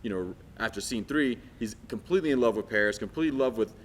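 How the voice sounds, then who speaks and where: A man, a stage actor, telling in a casual talkback how he picked his song, animated and storytelling. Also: lowish voice, a little hiss or hum. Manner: animated storytelling, fast talker.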